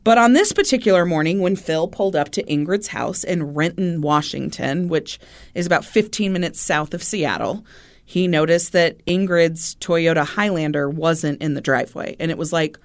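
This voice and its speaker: A woman's voice: low-pitched, normal speed. A woman co-hosting a podcast, telling a true-crime story in a chatty way, with easy laughs and loose fillers. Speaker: podcast co-host.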